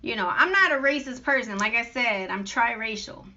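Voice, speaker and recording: Aggrieved woman ranting to camera, sharp bright voice, dull lo-fi sound. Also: on the high side, expressive, moderate pace. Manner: aggrieved, emphatic, piles up long lists. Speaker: vlogger addressing critics. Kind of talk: unscripted monologue. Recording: dull lo-fi recording.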